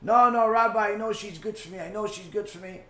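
A man's voice: sits high, a little fast, fairly bright tone, echoey room, voice pushed up. A man voicing a distraught young man who pleads and repeats himself. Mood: distraught pleading.

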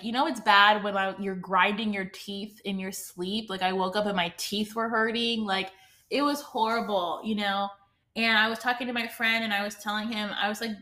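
A woman's voice: medium pitch, pushed and bright. A young woman hosting a podcast, telling a personal story in a rambling, emotional way with many asides. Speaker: podcast host.

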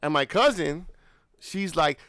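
A young man with a fairly high, bright voice tells a story in casual podcast chat. His pitch swings widely as he acts out the screams and the quoted lines. He talks loosely, full of "like" and restarts. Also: animated, unhurried, dry recording. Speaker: podcast co-host.

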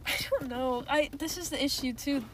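A woman's voice: sits high, moderate pace, slight background noise. A teenage girl co-hosting a podcast, chatting casually, rambling with lots of fillers and frequent giggles. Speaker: podcast co-host. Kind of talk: casual chat.

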